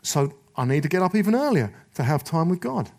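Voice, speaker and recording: A man's voice: a little high, sing-song, fairly quick, gravelly, darkish tone. A middle-aged man delivers a sermon with rallying force. He drives his points home in punchy repeated phrases. Now and then he slips into little voices to mimic excuses. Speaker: preacher. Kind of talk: sermon to men.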